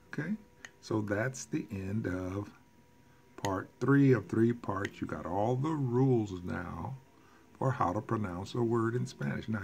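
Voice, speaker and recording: A man teaching a recorded language lesson in an unhurried, careful way. His voice sits fairly low and he pauses for casual asides and quick self-corrections. Faint background noise runs under the recording. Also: gravelly, darkish tone. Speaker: Spanish teacher.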